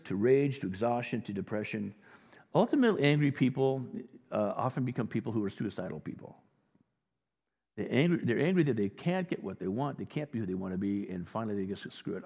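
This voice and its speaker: A man's voice: medium pitch, vocal fry, darkish tone, breathy edge. A male pastor giving a sermon, telling stories in a conversational way and rising to emphatic points. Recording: reverberant hall.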